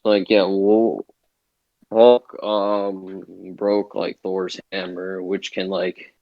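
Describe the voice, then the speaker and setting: A man's voice: deep voice, little pitch movement, drawn-out words, creaky, no echo, lo-fi sound. A young man arguing in a casual online debate, hesitant, filling his talk with "like" and losing his thread. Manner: hesitant, heavy filler words, loses track.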